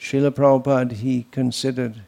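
A man's voice: mid-range voice, little pitch movement, a little fast, gravelly, warm tone. Man giving a rambling devotional lecture. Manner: wandering, anecdotal, with mocking asides. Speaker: spiritual teacher.

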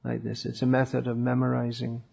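Lecturing on scripture, a male religious teacher speaks a little fast in a gravelly, monotone voice of medium pitch with a dark tone. He stops frequently with thoughtful fillers, and the audio is dull and lo-fi.

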